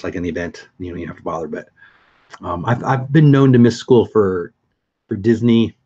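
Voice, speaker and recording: Middle-aged guy chatting on a live stream, upbeat, reading comments, kinda muffled mic. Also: mid-range voice. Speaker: vlogger hosting a live stream.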